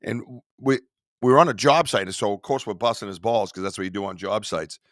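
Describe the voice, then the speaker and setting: A man hosting a casual podcast, loud and laughing often, who swears freely as he tells stories. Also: on the low side, quick pace, dry recording, clean studio sound. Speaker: podcast host.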